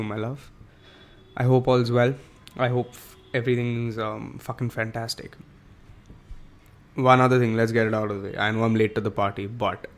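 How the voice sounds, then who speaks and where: Young guy ranting on his podcast, swears a lot, switches into hindi. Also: medium pitch. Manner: profane, joking, mixes in Hindi phrases. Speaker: podcast host. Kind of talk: casual solo podcast rant.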